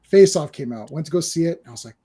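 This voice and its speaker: A man's voice: on the high side, expressive, quick pace, dark tone, husky. A man in his forties hosting a movie podcast who tells stories with lots of energy, acts out quotes, swears and often restarts his sentences. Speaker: podcast host. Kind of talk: casual storytelling on a movie podcast. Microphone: live-stream microphone.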